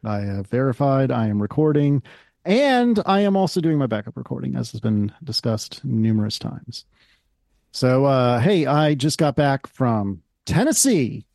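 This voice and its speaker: A man's voice: mid-range voice, sing-song, unhurried, gravelly, a little mellow, no echo. Guy cohosting a podcast, wry rambly chat, dead dry close mic. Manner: chatty, wry, rambling asides. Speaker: podcast co-host. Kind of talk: casual chat.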